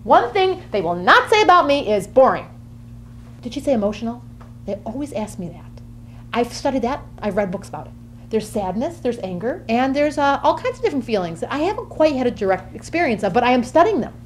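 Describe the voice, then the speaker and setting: This comic monologue features a woman with a fairly high, sing-song voice speaking a little fast as a flighty, chatty Gemini woman who gets bored quickly and skips from topic to topic. A faint hiss or hum is present.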